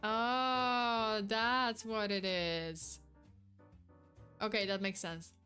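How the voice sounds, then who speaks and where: A young woman chatting casually on a live stream, reacting to chat with quick, giggly, animated replies. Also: mid-range voice, smooth, soft background music.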